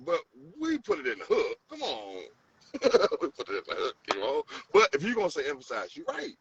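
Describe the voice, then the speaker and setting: A man's voice: medium pitch, very animated, moderate pace, fairly bright tone, slightly rough. A man with a St. Louis accent in a casual debate, talking animatedly, repeating phrases and acting out quotes. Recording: distant mic, dull sound, faint room noise.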